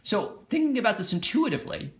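A man's voice: high-pitched, big pitch swings, quick pace, slight background noise. A man giving a recorded lecture on game theory, explaining step by step in an informal way and often asking "right?". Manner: informal, repeats words, asks "right?". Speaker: economics lecturer.

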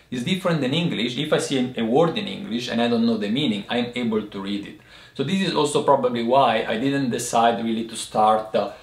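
A man teaching a lesson to camera in a thoughtful, explanatory way, often pausing to find the right word. His voice sits at a middle pitch, and the room adds a noticeable echo. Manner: thoughtful, pauses to find words. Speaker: host teaching Chinese tea words.

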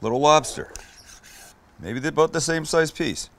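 Excitable man hosting a cooking show. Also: on the high side, moderate pace, slight background noise. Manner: enthusiastic, swears, talks to camera while eating. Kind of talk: casual cooking demo with tasting.

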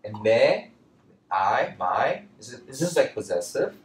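A man teaching a casual language lesson, talking in a loose, chatty way with lots of fillers and lively bursts when he quotes phrases. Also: mid-range voice, a little slow, recorded from a distance. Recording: roomy, from off-mic, faint background noise.

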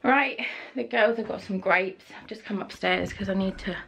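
A young woman who is a mum and vlogger chats frankly inside her family home in a casual home vlog, now and then swearing and sounding slightly out of breath. Her voice is medium in pitch and moderately paced, with a creaky, fairly bright tone.

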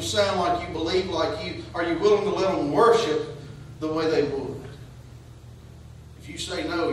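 Man preaching, high voice, booming echo, distant from the mic, faint hiss. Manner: preaching with rising, questioning cadence. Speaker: pastor. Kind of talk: sermon. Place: church sanctuary. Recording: echoey church hall, voice from far off.

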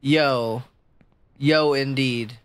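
A woman streaming a video game, chatting casually with her viewers and jumping into a high, squeaky voice when she gets excited or nervous. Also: very slow. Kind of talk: casual gameplay commentary.

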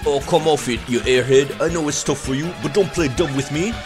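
A man's voice: fairly high pitch, fairly quick, voice pushed up, close to an everyday voice. A sneering, bossy harbor thug from a video game, as a man puts him on. He pushes his words hard and raises his voice. Game music runs under him. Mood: menacing.

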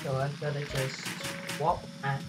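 A woman's voice: very deep voice, little pitch movement, measured pace, low-quality recording. A woman giving casual gameplay commentary, jumpy and swearing often. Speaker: gamer. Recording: loud game music behind.

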